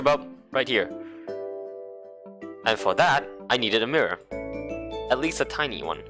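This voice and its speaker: Lively, bright-voiced let's play narrator. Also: male voice, mid-range voice, moderate pace, pauses often, faint music behind. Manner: wry, sarcastic, playful commentary. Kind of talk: reading a visual novel aloud with jokey asides.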